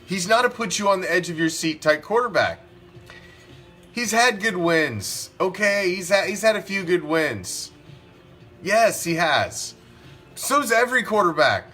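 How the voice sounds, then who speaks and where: A man's voice: high voice, lively intonation, measured pace, bright, forceful tone, faint music behind. Profane, ranting male sports talker. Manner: profane, ranting, fires rhetorical questions. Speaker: sports podcast host. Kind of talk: opinionated sports talk.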